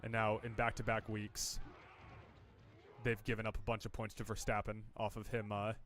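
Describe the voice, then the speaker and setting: A man's voice: on the low side, monotone, normal speed, a bit bright. A man co-hosting a podcast in casual chat, rambling and teasing with dry humor. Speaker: podcast co-host.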